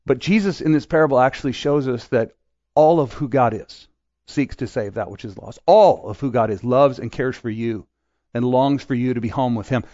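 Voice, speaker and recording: A man's voice: medium pitch, moderate pace, dark tone, dry recording, highs cut off. A middle-aged man from Quebec preaching a sermon in a casual, joking way, acting out little voices as he tells stories. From Quebec, Canada. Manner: conversational, joking, acts out voices in asides. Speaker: pastor.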